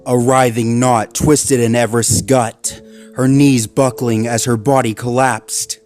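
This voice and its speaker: A man narrating a dark horror story in a measured way. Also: mid-range voice, level tone, soft background music.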